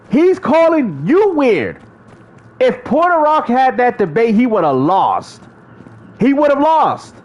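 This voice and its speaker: A man's voice: very high voice, lo-fi sound. A man streaming live, casually bantering and mocking rival gamers, laughing often as he talks. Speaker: gaming streamer.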